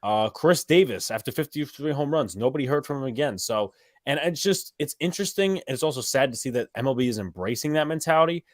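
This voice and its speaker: A man co-hosting a casual sports call-in stream, rambling through stats with quick asides and blunt remarks. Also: mid-range voice, expressive, no echo, studio quality. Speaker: co-host.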